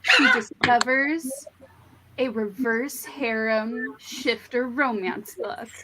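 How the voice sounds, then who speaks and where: A woman putting on a dramatic movie-trailer announcer voice with slow, drawn-out delivery. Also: a little high, noisy background. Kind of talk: mock movie-trailer voice-over.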